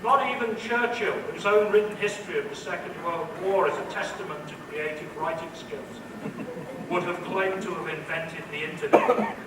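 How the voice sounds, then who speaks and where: A man's voice: high voice, moderate pace. A man giving a humorous commencement address as a professor, with a dry, witty delivery. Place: large indoor hall. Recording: echoey hall, distant mic, noisy.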